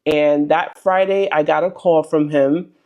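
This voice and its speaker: A woman's voice: deep voice, steady tone, unhurried, warm tone. Young woman, testimony vlogger; earnest and chatty, rambles with ums and likes. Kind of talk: casual faith testimony.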